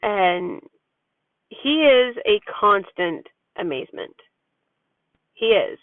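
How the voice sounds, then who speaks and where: A woman's voice: mid-range voice, sing-song, slow, dry recording. Frank woman vlogging over a tinny line. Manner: frank, rambling, chatty with frequent fillers. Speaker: parent vlogger. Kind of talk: candid personal vlog monologue. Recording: tinny phone-like dry sound.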